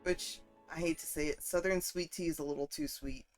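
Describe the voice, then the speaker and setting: A woman streamer chatting casually and profanely while she plays a game, getting worked up and loud at times. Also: sits low, fairly even intonation, a little fast, faint music behind. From northern United States. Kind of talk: casual gaming stream chat.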